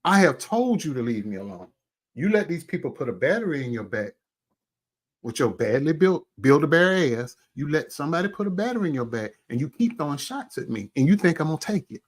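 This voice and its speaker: A man rants straight into his own vlog, angry and profane, his fairly high voice leaping between shouted outbursts and low muttering. He keeps talking through a burger as he calls out a rival. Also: sing-song, brisk. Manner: angry, cussing, swings from loud to low; eats while talking. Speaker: commentary vlogger. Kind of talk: heated call-out rant.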